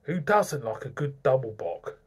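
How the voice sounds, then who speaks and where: A man's voice: mid-range voice, sing-song, a little slow, husky. A man reviewing beer in a chatty, self-mocking way, stumbling over foreign names. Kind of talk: casual beer review vlog.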